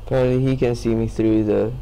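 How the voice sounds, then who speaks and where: A man's voice: mid-range voice, fairly even intonation, fast, warm tone, low-quality recording. A sleepy young man commenting casually on his gameplay, rambling to himself and swearing. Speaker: gamer.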